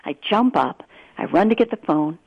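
A woman, a guest author on a radio interview, telling personal stories in an animated, earnest way. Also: fairly low pitch, moderate pace, breathy edge, highs cut off.

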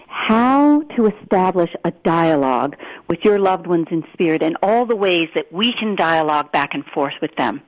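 Earnest woman telling stories on muffled radio. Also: fairly low pitch. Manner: animated, earnest storytelling. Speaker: guest author. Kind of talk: radio interview storytelling.

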